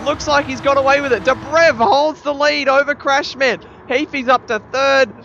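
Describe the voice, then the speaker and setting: A man commentating a sim race, calling the action play by play and building to excited shouts at big moments. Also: very high voice, moderate pace. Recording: slightly dull lo-fi mic with faint noise.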